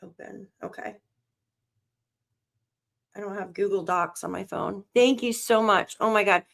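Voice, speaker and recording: This woman hosts a live stream on a missing child case, and her mid-range voice is gravelly, a bit bright, fairly even in intonation, and measured in pace. She sounds shaken and anxious, talking to herself as she searches for news.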